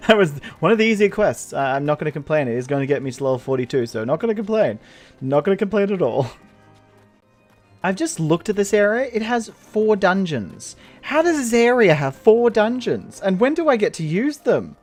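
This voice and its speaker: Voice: mid-range voice, animated, fairly quick, a little mellow, faint music behind. A game player giving goofy, giggly, rambling casual commentary while playing an online role-playing game. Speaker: let's play gamer.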